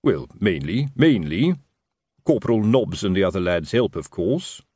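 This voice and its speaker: A man's voice: low voice, big pitch swings, measured pace, a little mellow, husky, no echo, clean studio sound, exaggerated voice. A man playing a middle-aged city watch sergeant who talks expansively and self-importantly in a working-class way.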